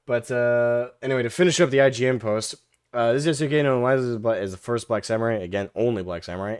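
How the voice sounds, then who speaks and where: A man's voice: mid-range voice, clean tone, dry recording, studio quality. A man hosting a casual livestream chat, rambling, swearing and laughing often. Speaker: livestream host and podcast co-host.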